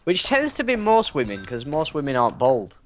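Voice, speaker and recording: A man co-hosting a casual gameplay session, goofy and laughing often, his pitch jumping high when he jokes. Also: wildly swooping pitch, a little fast, slight background noise. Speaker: gaming co-host.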